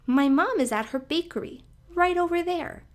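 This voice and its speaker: A woman voicing a small, timid young girl mouse who talks in an eager, squeaky way. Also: animated, moderate pace.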